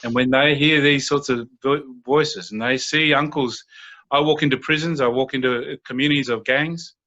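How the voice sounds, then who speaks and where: Bright-voiced man, calm storyteller. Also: mid-range voice. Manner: steady and unhurried, often acting out quoted dialogue. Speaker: youth mentor and guest speaker. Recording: dull lo-fi audio.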